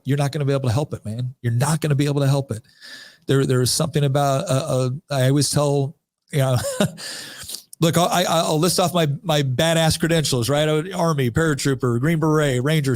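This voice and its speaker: A man's voice: mid-range voice, darkish tone, dry recording. Earnest man telling a family story. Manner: earnest, emphatic, repeats words when moved. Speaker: podcast guest. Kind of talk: heartfelt conversational storytelling.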